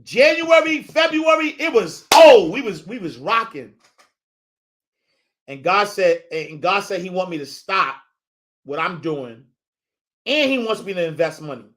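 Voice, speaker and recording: Bright, fired-up preaching man. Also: high-pitched, measured pace, long pauses. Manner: animated, repetitive, preacher-like build-ups; street slang, addresses audience as y'all. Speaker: host. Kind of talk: motivational faith talk.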